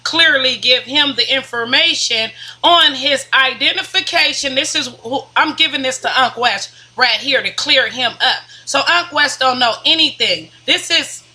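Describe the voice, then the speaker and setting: A woman's voice: high voice, moderate pace, few pauses, sharp tone. A woman on an online debate panel, speaking bluntly and emphatically in casual slang.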